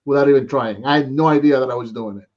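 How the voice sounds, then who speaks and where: A man's voice: mid-range voice, fast, darkish tone, lo-fi sound. An American man chatting casually on a live stream about toy collecting, rambling and saying "man" a lot. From United States. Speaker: co-host.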